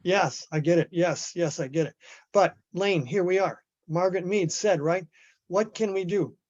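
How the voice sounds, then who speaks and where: Man, high voice, emphatic activist on a muffled lo-fi call, stumbles and restarts. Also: normal speed, darkish tone. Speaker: activist in a group discussion. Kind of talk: impassioned group discussion.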